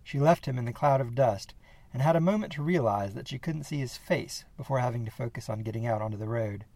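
A man narrating a horror story in a steady, measured reading voice. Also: medium pitch, no echo.

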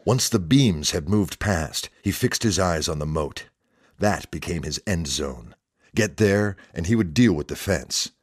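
A man narrating a written story in a steady, measured reading. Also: low-pitched, slightly rough, no echo, clean studio sound.

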